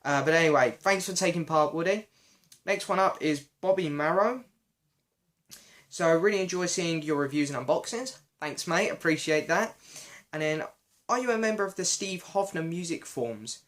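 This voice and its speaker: Young man, hoarse chatty vlogger. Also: a little high, animated, normal speed, a bit bright. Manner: chatty, self-deprecating, often apologetic. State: voice going hoarse. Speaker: channel host answering viewer questions. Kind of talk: casual Q&A vlog.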